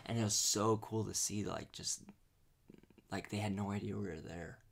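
A man telling a hunting story in a casual chat, animated and laughing, full of "dude" and "like". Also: on the low side, moderate pace, creaky. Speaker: podcast host.

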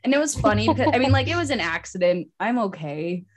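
A young adult woman co-hosting a podcast, chatting casually and telling stories with an animated, laughing manner. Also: medium pitch, quick pace. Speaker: podcast co-host. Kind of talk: casual chat.

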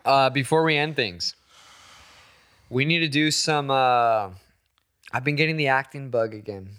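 A man's voice: medium pitch, a little slow, a bit bright, clean tone. A man hosting a casual podcast chat, joking crudely with his guest. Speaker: podcast host.

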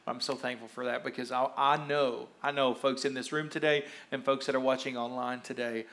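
A man preaches and interviews members of his church from the stage. He speaks in a steady, middle-pitched voice, conversational and encouraging, slowing down when he reads scripture. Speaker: pastor. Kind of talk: sermon and interview of congregants.

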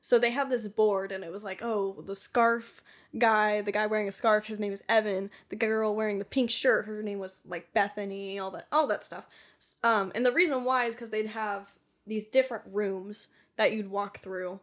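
A woman's voice: medium pitch, steady tone, normal speed. Giggly, swearing woman podcast host. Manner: giggly, swears freely, heavy use of "like". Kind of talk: casual chat.

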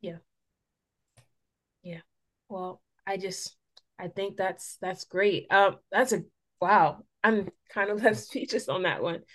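A woman's voice: mid-range voice, slow, pauses often, fairly bright tone. A young woman in her twenties hosting a podcast, gushing with thanks and using many fillers. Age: 20s. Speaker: podcast host. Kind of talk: casual podcast chat.

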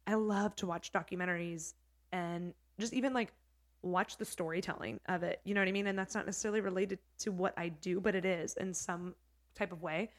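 A woman's voice: on the low side, fairly even intonation, fairly quick. A woman who works as a hair educator, a podcast guest chatting casually, with lots of "like" and "you know what I mean.". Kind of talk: casual interview chat.

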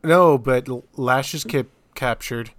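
A man co-hosting a podcast, discussing a movie in casual chat with deadpan, dry jokes. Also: mid-range voice, measured pace, no echo. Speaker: podcast co-host.

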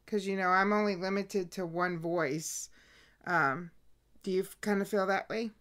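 A woman's voice: mid-range voice, normal speed, a bit bright. A woman co-hosting a podcast, chatting in an easygoing, giggly way. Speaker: podcast co-host. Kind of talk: casual podcast chat.

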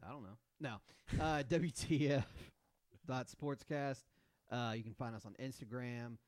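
A man's voice: mid-range voice, measured pace, darkish tone, no echo. A man with a mid-range voice co-hosts a casual sports podcast. He jokes dryly, swears and pokes fun at himself. The recording is dry and close. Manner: wry, profane, self-deprecating. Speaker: podcast co-host.

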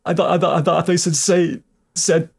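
Eager, repetitive man with a slightly high voice. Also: steady tone, fast talker, gravelly, husky. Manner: eager, repeats himself, laughs at his favorite lines. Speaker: co-host talking about movies. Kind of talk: casual chat.

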